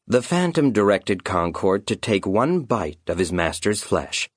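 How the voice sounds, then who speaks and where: Husky, lively male storybook narrator. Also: fairly low pitch, no echo, clean studio sound. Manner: storytelling, dramatic slowdowns. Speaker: audiobook narrator. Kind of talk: scripted narration of a children's fantasy.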